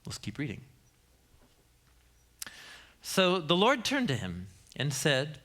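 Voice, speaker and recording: A male Bible teacher in his thirties delivers a sermon as a humorous storyteller who laughs often. His voice sits a little high, with lively, wide swings in pitch and a bright tone. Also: slow, pauses often.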